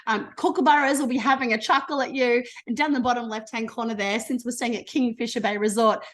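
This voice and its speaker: A woman's voice: on the high side, steady tone, fast, fairly bright tone. An enthusiastic Australian woman presenting a trip over slides on a video call, bubbly and chatty. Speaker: travel promoter.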